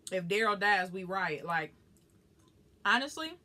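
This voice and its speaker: A woman's voice: medium pitch, a little slow. A young woman with a Southern US accent, chatting casually and bluntly while eating and reading viewer comments. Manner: blunt, profane, animated.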